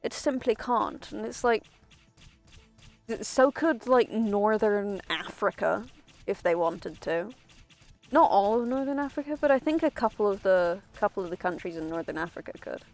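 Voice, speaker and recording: A woman's voice: medium pitch, animated, normal speed, darkish tone. Woman, gaming streamer, casual rambling chatter, trails off and restarts, faint game music behind. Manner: rambling, self-interrupting, laughs often. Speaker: streamer playing a video game.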